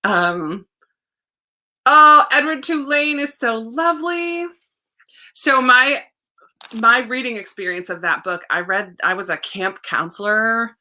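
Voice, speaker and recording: A young adult woman hosting a casual livestream, chatting warmly and reading out viewer comments, laughing often. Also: medium pitch. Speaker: livestream host.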